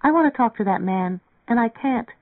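A man's voice: extremely high pitch, lively intonation, fairly quick, dry recording, pitched above the performer's own voice. A man voicing an earnest, naive young woman in an audiobook reading, with a dry, phone-like narrow sound. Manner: earnest, wistful.

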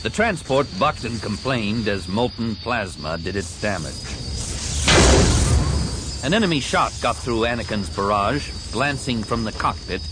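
Expressive male audiobook narrator. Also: fairly low pitch, measured pace, very noisy. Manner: dramatic, expressive reading. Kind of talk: scripted narration.

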